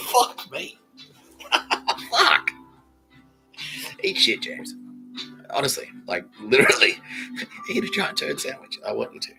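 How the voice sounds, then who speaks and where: A man's voice: mid-range voice, huge pitch swings, slow pace, vocal fry, long pauses, bright, forceful tone, faint music behind, poor audio. A man hosting a comedy podcast, rambling through a profane monologue and laughing often. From Australia. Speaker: podcast host.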